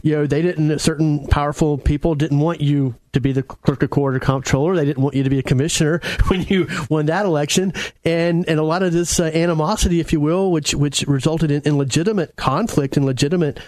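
A man hosting a casual political talk show, chatty and quick to laugh, often restarting his sentences. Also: on the high side, steady tone, darkish tone, no room sound.

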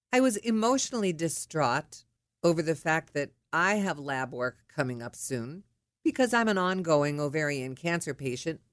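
A woman's voice: sits low, no echo, studio quality. Middle-aged woman telling an indignant story. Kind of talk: personal anecdote.

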